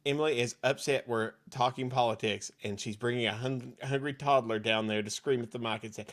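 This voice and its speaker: A man co-hosting a sports podcast in casual chat, sarcastic and quick to swear, laughing often. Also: mid-range voice, fairly even intonation, a bit bright. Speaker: podcast co-host.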